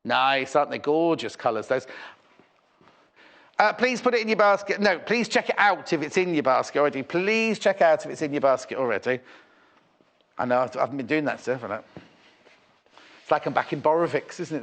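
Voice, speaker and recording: Chatty British man with a lively voice. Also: a little high. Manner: chatty, rambling, enthusiastic. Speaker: shopping channel presenter. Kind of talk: live TV selling chat.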